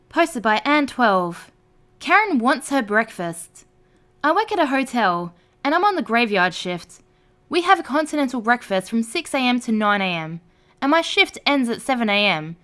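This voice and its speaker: A woman narrating online stories aloud in a lively storytelling read. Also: high-pitched.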